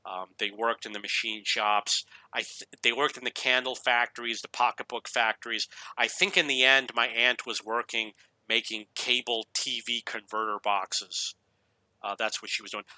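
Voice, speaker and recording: Male gaming YouTuber, casual storyteller, chuckles and restarts; very bright tone, dry recording. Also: mid-range voice, moderate pace, dry recording. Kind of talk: casual storytelling over gameplay.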